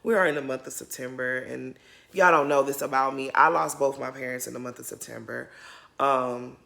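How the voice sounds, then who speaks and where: Talking directly to viewers she calls "y'all," this woman gives a casual, openly emotional recap of a reality show episode for her YouTube channel. Her very deep, creaky voice is bright and forceful, fairly quick, with fairly even intonation.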